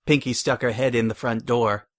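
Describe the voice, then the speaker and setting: A man narrating a dramatic fanfiction reading in a steady storytelling manner. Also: medium pitch, moderate pace.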